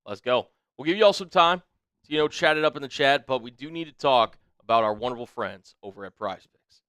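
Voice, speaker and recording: A man co-hosting a casual sports live stream, upbeat, shouting out chat names and urging viewers to subscribe. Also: medium pitch, brisk, clean tone, no echo.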